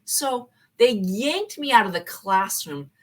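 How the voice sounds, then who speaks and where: A woman, a former college professor, telling a personal story in an animated way and acting out the dialogue. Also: on the high side, slow pace.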